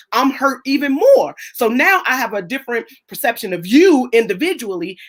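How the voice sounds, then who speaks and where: This is a woman with a fairly high voice hosting a casual talk show over a video call. She speaks with lively, animated energy, slipping into the voices of the people she quotes and circling back over her words as she builds a point. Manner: animated, acts out quoted voices, repeats herself. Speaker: host of a live chat. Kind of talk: casual chat.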